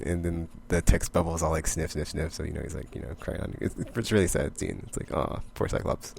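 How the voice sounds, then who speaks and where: Young man with a deep, gravelly voice, rambling comic recap, faint hiss behind. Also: fairly even intonation, brisk, hardly any pauses, a little mellow. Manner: rambling, filler-heavy retelling with quoted character lines. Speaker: comic book vlogger.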